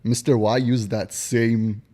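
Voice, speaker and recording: A man's voice: mid-range voice, flat delivery, takes it slowly, mellow. A young man in a casual podcast chat, chiming in with short, teasing remarks. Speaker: podcast co-host.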